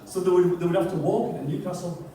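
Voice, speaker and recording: A man's voice: sits high, fast, warm tone, slight background noise. A man telling a local story before a poem, chatty and hesitant, stumbling over words and making fun of himself. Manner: chatty, hesitant, self-deprecating, chuckles often. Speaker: poet and storyteller introducing a tune. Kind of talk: rambling spoken introduction. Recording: echoey room, mic far off.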